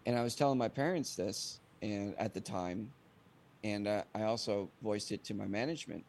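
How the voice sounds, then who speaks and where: Young man telling a lively story. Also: on the low side, normal speed. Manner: animated, acts out quoted dialogue. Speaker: podcast guest, singer-songwriter. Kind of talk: casual storytelling anecdote.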